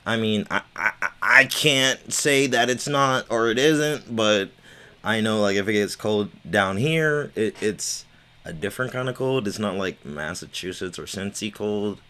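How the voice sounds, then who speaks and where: Casting: slurring, stuttery man with a lowish voice, loose rambling livestream chat, casual cursing. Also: a little slow, bright, forceful tone. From United States. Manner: stammering, repeats words, swears casually. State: slurring speech. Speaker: livestream host.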